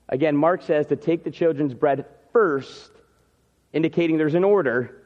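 High-voiced preacher in a reverberant hall. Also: male voice, moderate pace, darkish tone, highs cut off. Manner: storytelling, acts out scenes. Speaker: pastor. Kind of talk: sermon. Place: church sanctuary.

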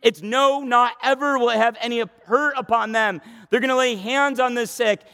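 A man with a strikingly high voice preaches a sermon in a church, hammering points through repetition. He races through asides, then slows right down to proclaim. His voice rings with a long hall reverb. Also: steady tone, pushed and bright, smooth. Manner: emphatic, repetitive preaching, swings from fast asides to slow proclaiming.

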